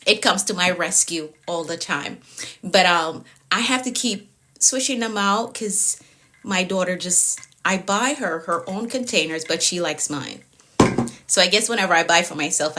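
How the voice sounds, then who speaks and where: Woman, middle-aged, livestream life coach; upbeat, repetitive greetings, slight hoarseness. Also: mid-range voice, sharp tone. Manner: upbeat, repeats phrases, greets viewers by name. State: voice getting hoarse. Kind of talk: casual livestream chat greeting viewers.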